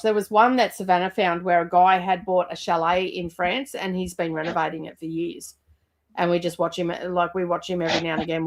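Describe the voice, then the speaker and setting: Rambling Australian woman chatting casually. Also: lowish voice. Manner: rambling, with many fillers and casual swearing. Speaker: co-host of a livestream. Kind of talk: casual chat.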